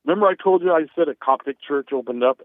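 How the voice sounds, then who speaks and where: A man's voice: on the high side, fast talker, dry recording. A man calling into a show, rambling in a friendly way as he signs off. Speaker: caller. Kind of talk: casual phone call. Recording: tinny phone line.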